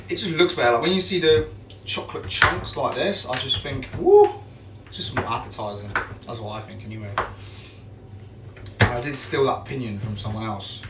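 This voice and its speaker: A man's voice: mid-range voice, noisy background. Young man, casual baking stream, slangy rambling chat, distant mic, roomy kitchen with clattering dishes. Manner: rambling, slangy, self-mocking. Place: home kitchen.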